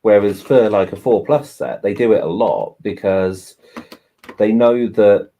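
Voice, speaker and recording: A man's voice: fairly low pitch, fairly even intonation, measured pace, mellow, lo-fi sound. A man co-hosting a livestream, chatting casually and explaining at length with lots of "you know" while building. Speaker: co-host. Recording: faint background noise, home livestream.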